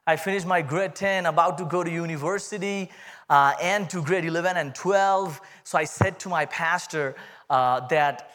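A man with an Indian accent giving a humorous, animated testimony sermon to a church congregation. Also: fairly high pitch, normal speed. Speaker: guest speaker giving testimony.

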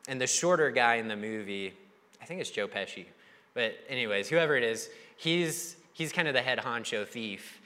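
A young male pastor preaches in a relaxed, conversational way, slipping into voices for the people he quotes. His voice sits at a middle pitch and carries a long reverb from a large church hall. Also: normal speed. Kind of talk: sermon.

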